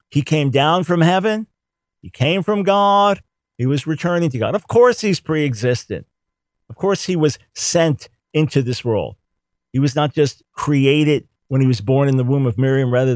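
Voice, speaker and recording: A man's voice: mid-range voice, darkish tone, no echo. A man giving an emphatic theology teaching talk, repeating words to drive points home. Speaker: Bible teacher.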